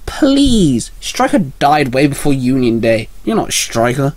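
A man's voice: medium pitch, very animated, unhurried, dry recording. A man voicing a snarky teenage male mutant who talks in a sarcastic, casual way.

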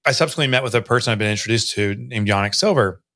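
A middle-aged man from the United States, a business author speaking as a podcast guest, telling his story in a lively way and acting out the voices of people he quotes. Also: on the low side, racing. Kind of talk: conversational storytelling.

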